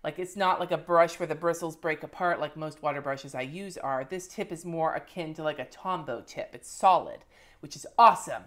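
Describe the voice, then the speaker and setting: A woman's voice: deep voice, normal speed, fairly bright tone. A woman in her thirties chatting casually and swearing freely as she shows her favorite planner supplies to the camera. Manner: chatty and profane, showing items to the camera. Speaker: planner and lettering vlogger. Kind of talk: casual monthly favorites vlog.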